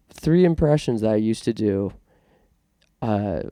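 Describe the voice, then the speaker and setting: A man's voice: lowish voice, expressive, unhurried, dark tone, no room sound, clean studio sound. A man from Canada hosting a casual podcast monologue, self-conscious and rambling with many restarts. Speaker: podcast host.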